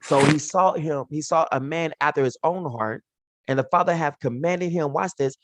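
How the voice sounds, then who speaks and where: A man's voice: on the high side, moderate pace, no room sound. A man teaching from the Bible in an informal, slangy way, acting out the characters' lines as he retells the stories.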